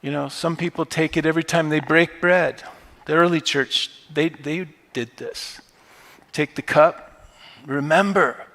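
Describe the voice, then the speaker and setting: A man's voice: on the high side, fairly even intonation, measured pace, fairly bright tone. Conversational preaching man in a reverberant hall. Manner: conversational preaching, rising to emphatic outbursts. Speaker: pastor. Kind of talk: sermon. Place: church sanctuary.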